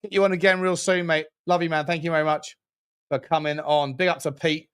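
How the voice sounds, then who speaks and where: A man streaming a football watchalong, giving running commentary on the game with jokes and shout-outs to viewers. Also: on the high side, a little fast, smooth. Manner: jokey, excitable, chats with viewers between plays. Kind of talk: live match commentary and chat.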